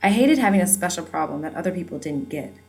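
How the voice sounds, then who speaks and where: A woman's voice: lowish voice, animated, fast, a little mellow, rough recording. A woman reading a first-person novel aloud in a wry, conversational storytelling manner. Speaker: audiobook narrator.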